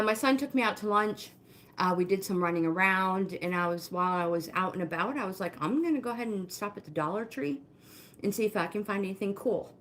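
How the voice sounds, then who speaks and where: A woman's voice: mid-range voice, fairly bright tone. A middle-aged woman hosting a live walking workout, chatty and encouraging, greeting viewers by name and slightly out of breath. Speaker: fitness livestream host. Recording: roomy indoor echo.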